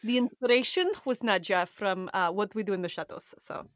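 A woman's voice: mid-range voice, a little fast, dry recording. A woman co-hosting a podcast in casual chat, playful and joking, speaking in a put-on heavy accent. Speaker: podcast co-host.

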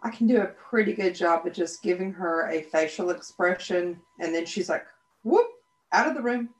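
A middle-aged woman with a somewhat low voice talks in a casual podcast chat. She reacts gently and laughs easily. The sound rings in an echoey room. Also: lively intonation, moderate pace, slight background noise. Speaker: podcast co-host.

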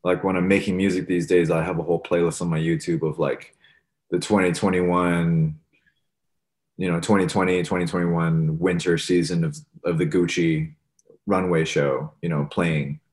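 Young man, very low voice, laid-back interview guest, filler-heavy. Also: moderate pace. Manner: relaxed, rambling, many fillers like "like" and "you know". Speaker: musician guest. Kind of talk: casual interview talk.

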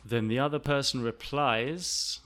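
Slow, bright-voiced male English teacher. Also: medium pitch, faint music behind. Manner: slow, deliberate, repeats phrases to demonstrate pronunciation. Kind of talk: language lesson explanation.

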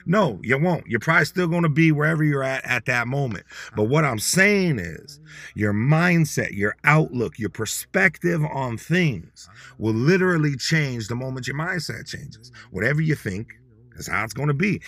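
A man hosting a podcast, teaching Dakota words in a casual, motivational way. He talks bluntly and in slang, and repeats words slowly for listeners to say along. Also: mid-range voice, expressive, a bit bright.

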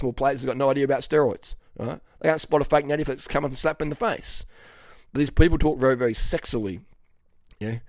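Blunt, swearing coach. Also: male voice, medium pitch, no room sound, studio quality. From Western Australia. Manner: blunt, profane, repeats "okay?". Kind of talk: casual monologue to camera.

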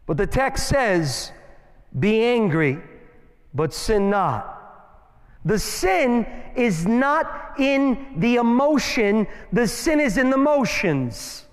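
High-voiced man preaching with long hall reverb. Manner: emphatic, rhythmic rhyming phrases, playful asides. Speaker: guest preacher. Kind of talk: sermon. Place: church sanctuary.

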